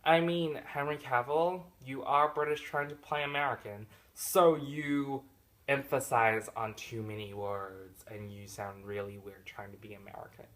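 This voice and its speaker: A movie reviewer talks casually about a film, aiming mock complaints directly at the actors. He's animated and jokey, swinging widely in loudness and pitch between excited bursts and deflated mutters, though his overall pace is unhurried.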